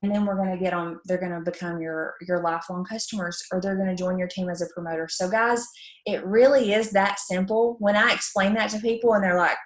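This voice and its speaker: An upbeat woman from Alabama speaks with a warm Southern drawl, chatty and full of fillers. Her voice sits at a middle pitch, and the room around her rings with echo. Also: fairly quick. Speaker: network marketing presenter. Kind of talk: casual training talk. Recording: echoey room.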